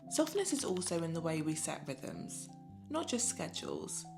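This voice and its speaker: Gentle woman narrating over soft music. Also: deep voice, huge pitch swings, vocal fry. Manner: gentle, unhurried and soothing. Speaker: mother sharing motherhood reflections. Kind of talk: scripted reflective voice-over narration. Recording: voice-over with music playing underneath.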